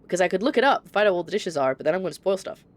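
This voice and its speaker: A young Scottish woman with a light accent chats and rambles casually while streaming a game and reading chat. Her fairly low voice is expressive, and she talks very fast.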